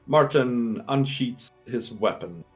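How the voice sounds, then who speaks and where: A man's voice: mid-range voice, slow, soft background music. A man running a tabletop game as game master, narrating scenes with fillers and restarts. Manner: descriptive, thinks aloud with fillers and restarts; clears his throat between lines.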